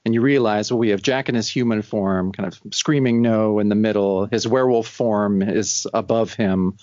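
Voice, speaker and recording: A man's voice: lowish voice, fairly even intonation, moderate pace, a little mellow, no room sound, lo-fi sound. A man co-hosting a podcast, chatting about comic books with easy enthusiasm and laughter. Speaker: podcast co-host. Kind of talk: casual comic book chat.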